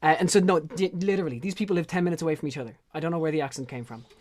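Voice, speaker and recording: An Irish man, a songwriter guest, casually and effusively introducing his song with animated storytelling. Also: on the high side, very fast. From Ireland.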